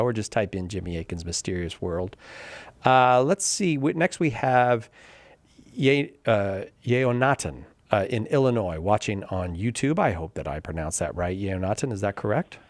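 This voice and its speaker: A man's voice: mid-range voice, no echo. A man hosting a call-in radio show, chatting casually, reacting to his guest and introducing callers. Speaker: radio host.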